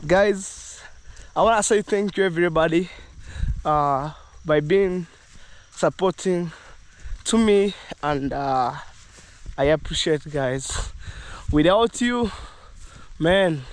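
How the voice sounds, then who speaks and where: A man's voice: fairly high pitch, slow pace, pauses often, smooth. A man chatting casually to his viewers outdoors on a rural farm, laughing often and apologizing as he herds cows. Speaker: village life vlogger. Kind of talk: casual vlog talk to viewers.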